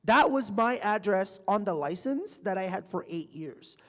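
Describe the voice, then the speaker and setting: With a high-pitched voice and a measured pace, this man is the guest speaker in a public conversation on stage. He acts out quoted people as he tells lively stories to a live audience, and the large hall sounds reverberant.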